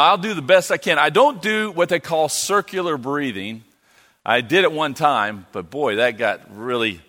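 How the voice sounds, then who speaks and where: A man's voice: mid-range voice, sharp tone. A middle-aged man giving a light-hearted church mission talk as a missionary, joking with the congregation. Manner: joking, playful with the audience. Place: church sanctuary. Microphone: handheld or stand mic. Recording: echoey church hall.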